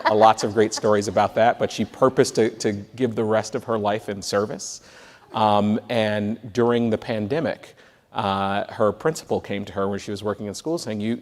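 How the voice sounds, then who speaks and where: A man with a low voice speaks as a panelist and tells story after story, stumbling and restarting as he goes. His voice carries a long reverb, as if he is in a large hall. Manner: animated anecdotes with frequent restarts.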